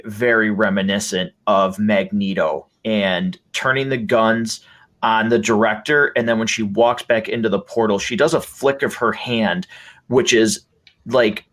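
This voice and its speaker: A man's voice: on the low side, a bit bright. A man hosting a podcast, talking casually and with enthusiasm, with lots of fillers and restarts. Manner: enthusiastic, rambling with many fillers. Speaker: podcast host.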